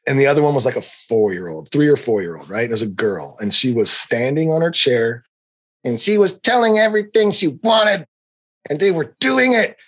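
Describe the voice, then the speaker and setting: A middle-aged man hosting a podcast, ranting in an animated, profane, heated way. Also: mid-range voice, normal speed, breathy edge. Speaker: podcast host. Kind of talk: comedic rant.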